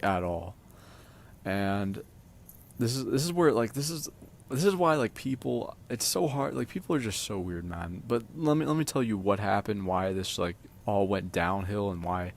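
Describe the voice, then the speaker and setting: A man with a low voice telling a story to his viewers in a loose, meandering way. He leans on "like" and "um" and swears freely. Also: a little hiss or hum. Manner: rambling, filler-heavy, profane. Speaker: vlogger telling a personal story. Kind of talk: casual storytime.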